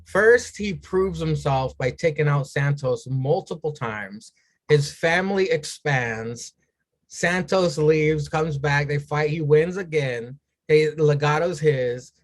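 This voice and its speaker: A man with a slightly higher voice hosts a loose wrestling podcast. He talks through the matches with crude jokes and throws questions to his co-hosts. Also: slow pace. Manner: crude, joking, leads the rundown. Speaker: podcast host. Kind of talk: casual wrestling talk.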